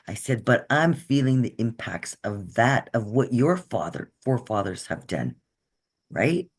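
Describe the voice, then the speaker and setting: A woman's voice: a bass voice, lively intonation, normal speed, slightly rough. Earnest woman guest speaker on a video call. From Canada. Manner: earnest, checks in often with "right?". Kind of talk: conversational workshop talk.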